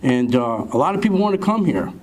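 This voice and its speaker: A man, a town councilman giving an emotional speech at a town meeting, halting and repeating words as he thanks people. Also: medium pitch, very animated, darkish tone, a little hiss or hum.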